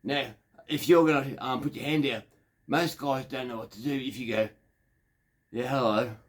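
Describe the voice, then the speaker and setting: A man in his fifties with an Australian accent, a factory worker, tells a crude story in a rambling, digressive monologue. His voice is medium-pitched and his speed normal.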